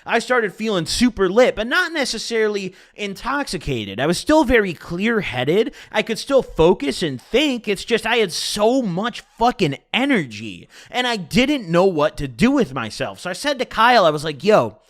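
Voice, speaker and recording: A man telling a wild personal story in a casual, profane, animated monologue. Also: high-pitched, normal speed, few pauses. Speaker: storytelling streamer.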